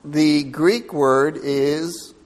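Slow-talking preacher in an echoey hall. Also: male voice, fairly high pitch, steady tone. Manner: chatty and self-deprecating, laughs often. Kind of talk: sermon, Bible teaching.

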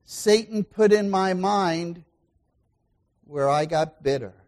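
High-voiced pastor preaching with big swings. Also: male voice, takes it slowly. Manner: dynamic preaching, swings from loud exclamations to quiet asides; asks the congregation questions. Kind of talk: sermon.

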